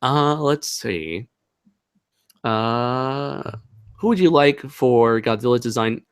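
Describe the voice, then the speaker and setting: A man's voice: mid-range voice, animated, slow pace, clean tone. A young man hosting a casual livestream Q&A, rambling and laughing, with many fillers. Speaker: channel host.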